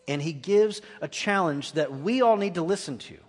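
A man preaching a guest sermon in a church, earnest and dropping to quiet intensity at key points. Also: fairly high pitch, lively intonation, normal speed. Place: church sanctuary. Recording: long echoey hall reverb.

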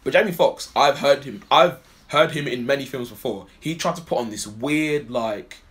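Guy ranting about a film on a podcast, rambly, swears a lot, average pitch. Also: normal speed, a bit bright. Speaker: podcast co-host. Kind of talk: casual film review chat.

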